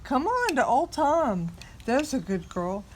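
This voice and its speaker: A woman's voice: sits high, big pitch swings, takes it slowly, slight background noise, full character voice. A woman voicing an old male farmer who croons and coaxes his cow in a read-aloud picture book. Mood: crooning. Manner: crooning, coaxing.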